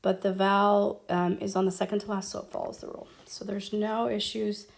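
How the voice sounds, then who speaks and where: A woman's voice: medium pitch, flat delivery, vocal fry. A woman teaching Spanish grammar at a whiteboard, explaining step by step with frequent ums. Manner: slow, explaining step by step with fillers.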